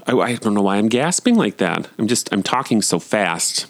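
A man telling casual stories from home as a podcast host, chatty and campy, often jumping up into high, excited swoops. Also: moderate pace, hardly any pauses. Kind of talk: casual storytelling monologue.

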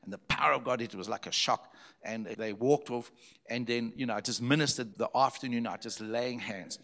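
Male pastor, from Zimbabwe, storytelling sermon, emphatic with repeated phrases, mid-pitched voice. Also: moderate pace, gravelly, a bit bright.

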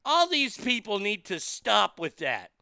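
A man's voice: high voice, huge pitch swings, unhurried, vocal fry, pushed and bright, clear, resonant tone, no echo. A man hosting a show, ranting angrily with heavy swearing. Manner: profane, heated, swearing often. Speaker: host. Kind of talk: angry commentary rant.

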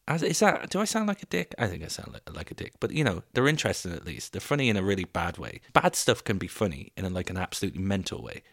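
A young man hosting a podcast, telling stories in a casual, animated, comedic way, swearing and laughing as he goes. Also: deep voice, fast, creaky, no echo, clean studio sound. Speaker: podcast host.

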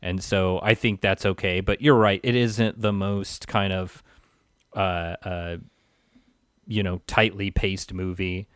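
A man's voice: sits low, fairly even intonation, slow, clean tone, no room sound, clean studio sound. A man in a casual film discussion, rambling with many fillers and restarts.

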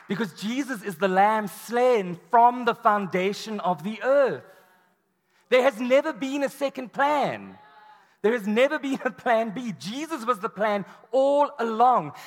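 A man preaching a sermon to a room, telling the story with animated, acted-out quotes. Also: very high voice. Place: large hall or church. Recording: long hall reverb.

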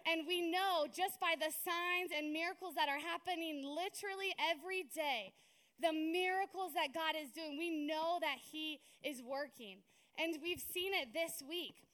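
A woman's voice: very high-pitched, measured pace, a bit bright. A young woman preaching a sermon in a conversational, storytelling way, often checking in with "right?".

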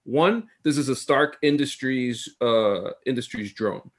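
A man's voice: mid-range voice, unhurried. A man co-hosting a podcast in casual chat, thinking aloud as he goes. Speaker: podcast co-host.

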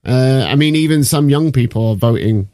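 A man's voice: mid-range voice, moderate pace, warm tone, dry recording, studio quality. A man, hosting a casual podcast and walking through political background with jokes and the odd swear word. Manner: explains background at length, sweary and joking. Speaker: podcast host.

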